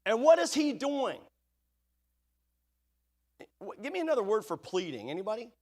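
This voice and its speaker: A man's voice: high-pitched, big pitch swings, moderate pace, darkish tone. A man preaching a sermon in a church, asking the congregation rhetorical questions and reading scripture aloud. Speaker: pastor. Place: church sanctuary.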